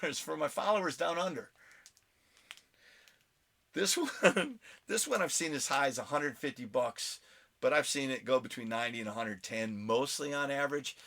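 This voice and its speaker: A man's voice: mid-range voice, a bit bright. Male vlog host, mid-range voice, casual show-and-tell, chatty and self-mocking. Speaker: comic book collector vlogger. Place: at home.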